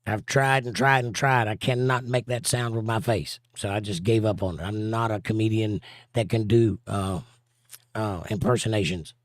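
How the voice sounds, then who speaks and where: This Southern American livestream host chats casually while reading his chat, tossing off sarcastic, drawled remarks with dry humor. His voice sits on the low side, steady in tone, at a normal speed, recorded with no room sound.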